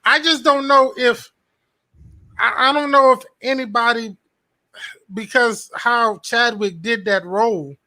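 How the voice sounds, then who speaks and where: A man co-hosting a casual podcast in a laid-back way, ribbing the others. His voice is high and bright, with a forward, ringing edge. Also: steady tone, measured pace, dry recording. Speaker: podcast co-host. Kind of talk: casual chat.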